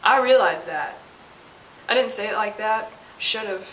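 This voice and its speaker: A woman's voice: medium pitch, lively intonation, measured pace, a bit bright. A young woman telling an exasperated, sassy story as a casual vlog rant. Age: young adult. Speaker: vlogger. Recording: roomy, distant mic with hiss.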